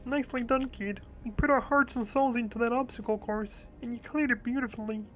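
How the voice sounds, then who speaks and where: A man's voice: very high voice, fairly even intonation, brisk, fairly bright tone, faint music behind, voice pushed up. A man voicing an encouraging male parkour coach in a video game, with a put-on accent and a slightly froggy, goofy tone. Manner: cheery coaching lines ending in "kid". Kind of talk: reading game dialogue aloud with a character voice.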